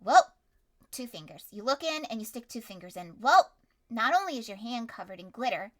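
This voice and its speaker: Lively high-voiced woman narrating a game. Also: moderate pace. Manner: animated, bursts into yelling and laughter. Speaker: game master. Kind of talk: narrating a tabletop story game on stream.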